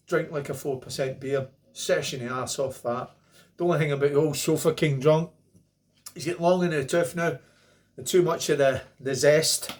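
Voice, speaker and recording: A middle-aged man with a Scottish accent talks his way through a beer review to camera. He is chatty and rambling, tossing in jokey asides as he goes. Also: on the high side. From Scotland. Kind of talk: casual beer review monologue.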